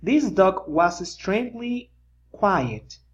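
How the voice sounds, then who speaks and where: A reader voicing a curious, kindly young cat boy from a storybook in a lively, slightly raised voice. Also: medium pitch, slow, muffled recording. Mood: concerned.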